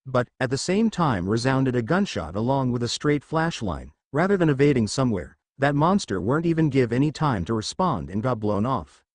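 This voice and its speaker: A young man narrates a fan fiction story in a plain, steady voice. His pitch is animated and varied, and the recording is dry and close. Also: moderate pace, hardly any pauses, no room sound.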